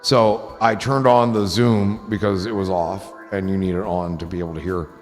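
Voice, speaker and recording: A man hosting a live stream, chatting casually and telling rambling, profane stories that turn excited. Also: deep voice, moderate pace, in a large hall, soft background music. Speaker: streamer host.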